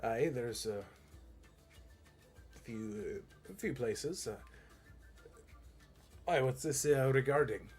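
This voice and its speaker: A man's voice: medium pitch, animated, slow, long pauses, faint music behind. A man voicing a friendly, burly yeti-like barkeep, folksy and cheerful. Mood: curious. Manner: cheerful, folksy, says "aye" and "ya".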